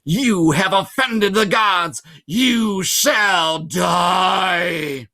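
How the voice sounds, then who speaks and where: A man reading a storybook aloud, voicing a vengeful female Fury with a Southern accent in a slow, menacing, half-whispered way. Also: high voice, creaky, pushed and bright, voice pushed up, heavily acted. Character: hissing monstrous female Fury, vengeful teacher.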